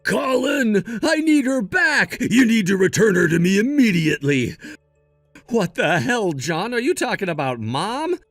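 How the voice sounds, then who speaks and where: A man's voice: sits high, huge pitch swings, unhurried, few pauses, fairly bright tone, dry recording, heavily acted. A man voicing a selfish, rude grown brother in a read-aloud text-message story, blunt and sneering. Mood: demanding. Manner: blunt, sneering, then pleading. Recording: dry close mic with faint music.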